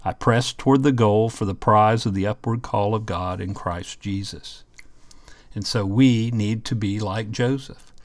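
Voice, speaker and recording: A man's voice: lowish voice, darkish tone, no echo. Earnest man teaching a Bible class. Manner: earnest, reads scripture aloud and comments. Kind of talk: Bible lesson reading scripture.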